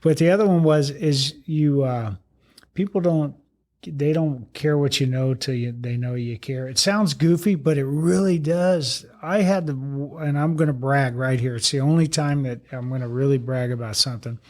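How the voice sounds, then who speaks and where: A man's voice: mid-range voice, moderate pace, a little mellow. An older man, a retired fire chief, telling rambling stories in an interview with blunt, salty, self-deprecating humor. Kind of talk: storytelling interview talk.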